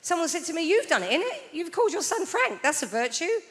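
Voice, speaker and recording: A woman's voice: extremely high pitch, very animated, fast, a bit bright. A woman in her thirties from England performing a stand-up comedy routine, telling playful stories and slipping into acted-out voices. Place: large theatre stage. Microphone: stage microphone. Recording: live theatre hall with long reverb and audience noise.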